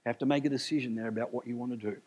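A man preaching a sermon, animated and emphatic, with jokes and asides. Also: mid-range voice, racing, slightly rough.

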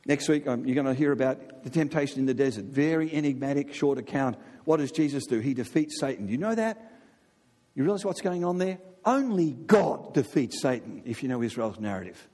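A man preaching a sermon in an animated way, often asking his listeners "right?". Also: mid-range voice, quick pace. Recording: long reverb of a large hall.

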